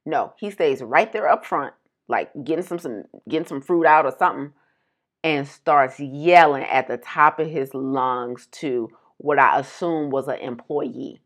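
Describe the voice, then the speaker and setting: Low-voiced woman telling stories. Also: unhurried. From Detroit. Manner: animated storytelling, acts out quotes. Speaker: podcast co-host. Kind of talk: casual chat.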